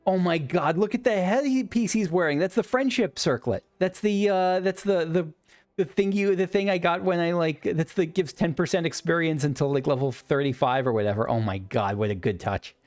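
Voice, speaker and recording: Over faint background music, a man with a slightly high, darkish voice at normal speed comments casually on the video game he's playing. As a let's play host, he's excited and meandering, frequently cutting himself off partway through sentences.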